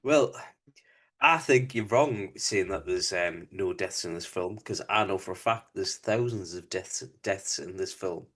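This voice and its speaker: A man's voice: low voice, a little slow, a bit bright. A young man co-hosting a casual podcast chat, with a dry, laid-back teasing manner. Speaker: podcast co-host.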